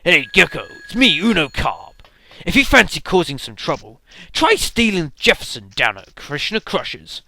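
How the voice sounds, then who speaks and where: A man putting on a gruff, epic mission-giver voice. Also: fairly high pitch, sing-song, normal speed, pushed and bright, dry recording, exaggerated voice. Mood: mock-epic. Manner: theatrical, mock-epic reading. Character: gruff, grandly dramatic male mission-giver.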